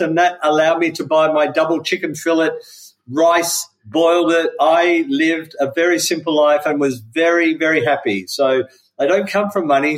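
A man's voice: fairly high pitch, poor audio. A middle-aged Australian man, a company founder, telling his story in an interview and acting out the people he quotes. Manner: animated, acts out the voices of people he quotes. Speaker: company founder, podcast guest.

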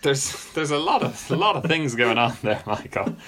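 A man's voice: mid-range voice, expressive, moderate pace, sharp tone, a little hiss or hum. A British man in a casual comedic chat, rambling through self-deprecating stories. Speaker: podcast co-host.

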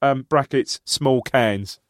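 A man co-hosting a casual podcast, talking in a matey, excitable way. His voice sits at an ordinary pitch. The sound is dry and close. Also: takes it slowly, no room sound. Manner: matey, excitable, calls partner "mate". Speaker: podcast co-host. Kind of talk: casual chat.

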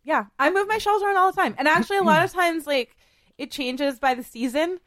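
A chatty woman with a high voice hosts a podcast and walks through cleaning steps. She drops in fillers and laughs along the way. The recording is dry and close, with no room sound. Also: fairly quick, a bit bright, no echo. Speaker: podcast host giving cleaning advice. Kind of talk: casual chat mixed with how-to instructions.

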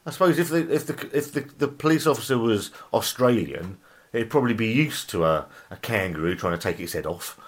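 Lively joking man reading odd news. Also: fairly low pitch, a little fast, breathy edge. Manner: reads headlines aloud, breaks off to laugh and riff; stumbles over words and apologises. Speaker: podcast host.

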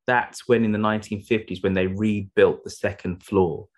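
A man's voice: lowish voice, steady tone, normal speed, fairly bright tone. A man with a Brummie accent, co-hosting a podcast and telling chatty, jokey anecdotes. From England. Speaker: podcast co-host. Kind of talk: casual chat.

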